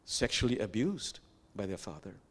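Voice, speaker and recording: Male imam, reflective sermon, slows down for sacred quotes, pitch rises and falls a lot, sanctuary service. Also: sing-song. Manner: reflective, quotes sacred verses slowly and with emphasis; gentle, addresses the congregation directly.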